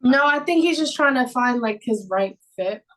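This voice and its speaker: A woman co-hosting a casual sports podcast, relaxed as she brings up news items. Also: a little high, normal speed, rough recording. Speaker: podcast co-host.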